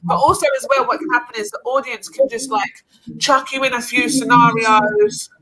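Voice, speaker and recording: A woman hosting a casual livestream panel over a video call, talking fast and loose with lots of fillers and slang. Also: fairly high pitch, animated, a crowd in the background, low-quality recording. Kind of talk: casual chat.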